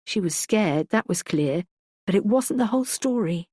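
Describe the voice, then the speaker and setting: In a husky, mid-pitched voice, a woman narrates a first-person thriller audiobook, measured and reflective. Her delivery is steady and thoughtful. The audio is dry and close, with no echo or room sound.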